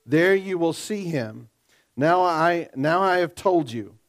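A man preaching a sermon, moving between quiet scripture reading and loud, excited asides to the congregation. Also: on the high side, slow pace. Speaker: pastor.

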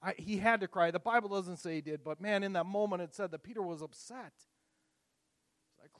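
A man preaching a communion sermon, telling the story casually with fillers, rising to loud emphatic peaks and dropping to hushed softness. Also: sits high, lively intonation, a little fast, no room sound. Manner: casual, repeats words and uses fillers. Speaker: pastor leading communion.

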